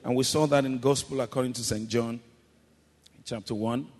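A man preaching a sermon, calling the congregation to repeat his words and building to loud, shouted exclamations. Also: medium pitch, fairly even intonation, moderate pace. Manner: calls congregation to repeat after him, rising to shouts. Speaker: pastor. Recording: long hall reverb.

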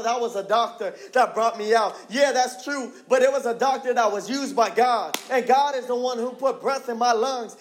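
High-voiced passionate young preacher man. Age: 20s. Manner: passionate, repetitive, drops low for emphasis. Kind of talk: sermon.

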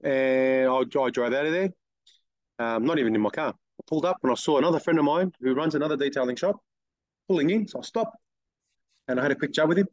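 A middle-aged man, a guest telling blunt, lively stories in an interview and acting out other people's lines. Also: a little high, quick pace, no echo, lo-fi sound. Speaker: guest, car detailing business owner. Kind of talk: casual interview storytelling.

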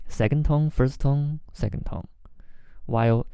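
Male language teacher with a Chinese accent, native Chinese speaker, slow and patient, mellow gravelly voice, dry close sound. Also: mid-range voice, dry recording. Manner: slow, patient explaining, repeats words. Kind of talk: bilingual language lesson.

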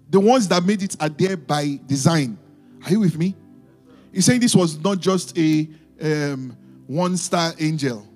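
A man preaching a fervent sermon, reading scripture and calling on the congregation to respond. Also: sits high.

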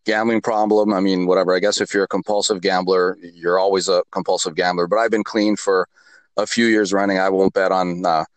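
A man's voice: sits low, little pitch movement, a little fast, no room sound. A man, a teacher, talking candidly and plainly in casual chat.

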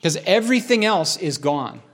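Earnest preacher man, slightly high voice. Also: very animated. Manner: reads scripture slowly and emphatically, then chats in earnest asides. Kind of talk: informal Bible teaching.

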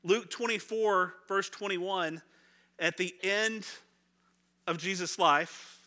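A middle-aged man, a pastor, preaching a sermon in a conversational, animated way, acting out the voices of people in the story and laughing now and then. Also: high-pitched, slow. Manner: laughs often, repeats words when restarting.

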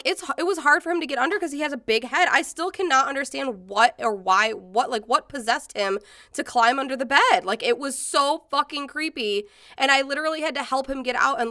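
A woman's voice: high voice, sharp tone, dry recording, studio quality. A woman in her thirties telling stories in casual chat, rambling with many fillers and swearing freely. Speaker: podcast co-host.

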